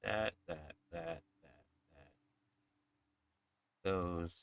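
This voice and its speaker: A man's voice: deep voice, drawn-out words, vocal fry, fairly bright tone, smooth. A man talking casually and wryly about his game as he plays with a friend. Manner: wry, commenting on his play. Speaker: co-player. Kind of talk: casual gaming chat.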